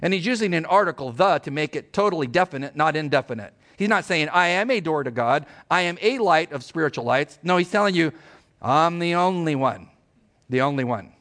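A middle-aged man preaching a sermon as pastor, emphatic and animated, asking his congregation rhetorical questions. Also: fairly high pitch, quick pace, few pauses.

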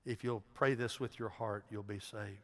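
A middle-aged man, a pastor giving an earnest altar call, swinging between loud emphasis and hushed pleading. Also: lowish voice, fairly even intonation, normal speed. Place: large church sanctuary. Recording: long hall reverb.

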